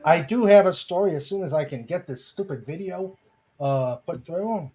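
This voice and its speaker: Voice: mid-range voice, moderate pace, mellow. A podcast host chatting casually in an easygoing way. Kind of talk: casual chat.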